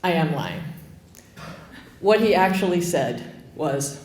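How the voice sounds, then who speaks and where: Animated woman storyteller. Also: lowish voice, slow, echoey room, background noise. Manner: lively, animated and comic. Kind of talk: live storytelling to an audience.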